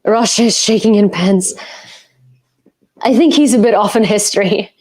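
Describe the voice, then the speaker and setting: A woman's voice: medium pitch, moderate pace, darkish tone, slightly rough. A woman from Ukraine, a native Ukrainian speaker, hosting a live stream from home in casual chat, teasing her guest and laughing often. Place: home, on a couch.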